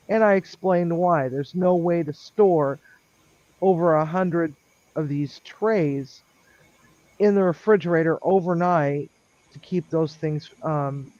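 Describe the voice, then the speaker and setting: A man telling a long work story on a live stream in a rambling, chatty way, with lots of ums and lively quoted dialogue. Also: on the high side, no echo. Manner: chatty, lots of ums, animated when quoting others. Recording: dull lo-fi dry sound.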